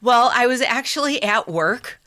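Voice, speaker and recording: A woman's voice: fairly high pitch, animated, unhurried, sharp tone, dry recording, studio quality. A woman co-hosting a casual history podcast, carefully retelling the story from her notes. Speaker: podcast co-host.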